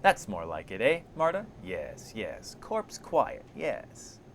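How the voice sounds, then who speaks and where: A man's voice: on the low side, wildly swooping pitch, slow pace, slight background noise, full character voice. A man voicing a cranky old woman who picks at corpses and mutters to herself in broken grammar. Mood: muttering. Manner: muddled grammar, talks to herself. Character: shrieking mumbling old female corpse-picker, cranky.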